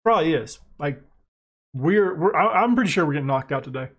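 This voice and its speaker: American guy, gaming commentary, excitable, self-mocking, a bit high-voiced. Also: a little fast. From United States. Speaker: gaming YouTuber. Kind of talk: casual gameplay commentary.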